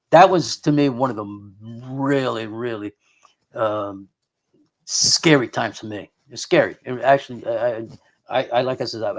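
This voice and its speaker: A middle-aged man, a guest on a radio show, telling a personal story in a rambling way full of restarts and quoted dialogue. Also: lowish voice. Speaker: guest investigator of the unexplained.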